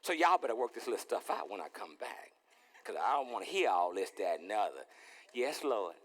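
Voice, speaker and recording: A man preaching as pastor in a lively, playful sermon, acting out little scenes and repeating his words. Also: fairly low pitch, fast talker, in a large hall. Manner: animated, playful, repeats words, acts out dialogue. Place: church sanctuary.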